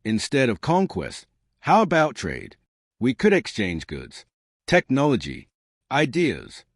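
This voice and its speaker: A man reading as a calm woman admiral. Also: medium pitch, slow, no echo, clean studio sound, voice pushed up, heavily acted. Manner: mild, reasonable.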